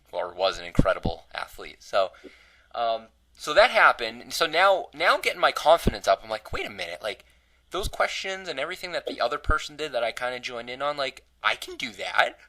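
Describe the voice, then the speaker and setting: Bright-voiced rambling podcast host man. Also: medium pitch, rough recording. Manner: rambling storyteller, self-deprecating. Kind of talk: casual podcast chat.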